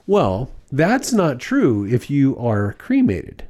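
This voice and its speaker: A man's voice: mid-range voice, huge pitch swings, slow, a little mellow. A man co-hosting a podcast, casually explaining things at length. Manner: explains at length with fillers and restarts. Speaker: podcast co-host. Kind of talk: casual chat.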